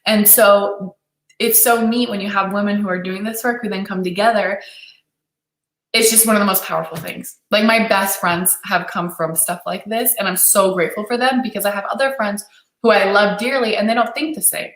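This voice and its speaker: A woman's voice: medium pitch, normal speed, fairly bright tone. A young adult woman coaching on dating during a live-stream Q&A, enthusiastic and encouraging as she reads viewer comments aloud. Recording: echoey room.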